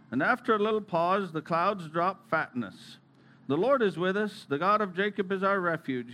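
A man's voice: high voice, fairly bright tone, slight background noise. Reverent man reading a devotional. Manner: slow, reverent reading with brief asides. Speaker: preacher.

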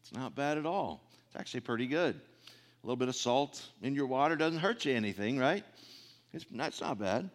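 Brief: male preacher, mid-pitched voice, folksy homespun sermon, builds to loud emphasis, clears throat often. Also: lively intonation, normal speed. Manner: folksy, conversational, swells loud on key points.

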